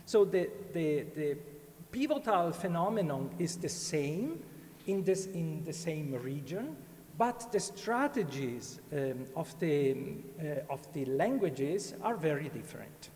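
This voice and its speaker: A man lectures at an academic conference in a slightly high voice. He speaks very slowly, hesitating with fillers and restarts. The sound carries the long reverb of a large hall. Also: very animated, darkish tone. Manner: halting, many fillers and restarts.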